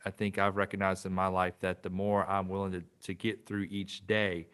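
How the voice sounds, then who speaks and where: A man's voice: deep voice, level tone, normal speed, fairly bright tone, clear, resonant tone. A man hosting a podcast interview, reflective and casual, with hesitant fillers. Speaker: podcast host.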